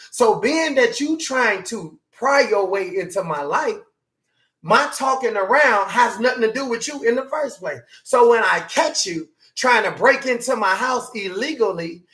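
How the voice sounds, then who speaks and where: A man preaching a motivational sermon, animated and hollering, his voice climbing higher as he makes his point. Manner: voice climbs high when emphatic.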